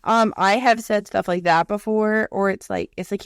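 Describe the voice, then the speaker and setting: A woman's voice: medium pitch, normal speed, few pauses, clear, resonant tone, no echo. A young woman co-hosting a podcast, chatting casually with blunt, salty language and little voiced impressions of coworkers. Her voice sits in an ordinary middle range and is recorded close and dry, with no room sound. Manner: blunt and profane, acting out coworkers' lines. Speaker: podcast co-host. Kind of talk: casual chat.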